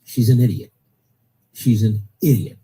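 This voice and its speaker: A man's voice: medium pitch, fairly even intonation, a little slow, warm tone, breathy edge, rough recording. A middle-aged man hosting a political talk radio show, blunt and opinionated, repeating his points for emphasis.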